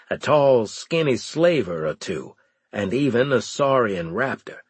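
Husky male narrator, slow and lively, dry studio read. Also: mid-range voice, no room sound. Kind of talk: first-person audiobook narration.

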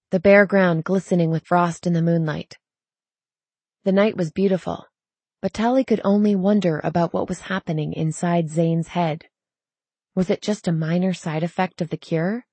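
A woman narrating a story in a measured, even reading voice. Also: fairly low pitch, dry recording. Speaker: audiobook narrator. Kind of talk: scripted narration.

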